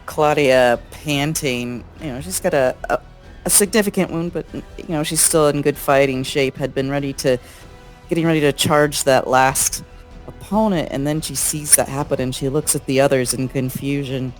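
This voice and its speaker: A man's voice: fairly high pitch, normal speed, soft background music. A man playing a tabletop game, narrating his character's actions. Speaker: player. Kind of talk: casual tabletop play.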